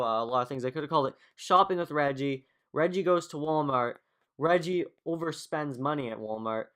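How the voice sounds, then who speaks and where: A man's voice: a little high, a bit bright. A man hosting a podcast, reviewing in a loose, rambling way full of fillers and offhand jokes. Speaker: podcast host. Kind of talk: casual review monologue.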